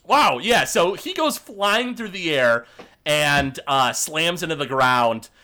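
Halting man running a tabletop game. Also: on the high side, pushed and bright. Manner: halting, many fillers. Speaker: game master.

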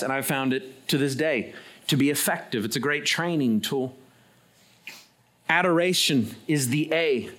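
A middle-aged man preaching a sermon as pastor, swinging between loud, high bursts and low, quiet asides.

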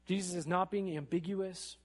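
A man preaching a sermon in an animated way, building to emphatic peaks and often checking in with "right?". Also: sits high, normal speed.

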